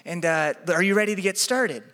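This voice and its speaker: A pastor voicing a frail, elderly woman chiropractor who speaks calmly and politely. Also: sits high, brisk, in a large hall.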